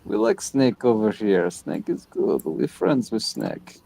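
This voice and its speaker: Slow, gravelly man joking around. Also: lowish voice, very animated, warm tone, no room sound. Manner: playful, goofy, mock-offended banter. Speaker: host. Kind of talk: casual chat while drawing.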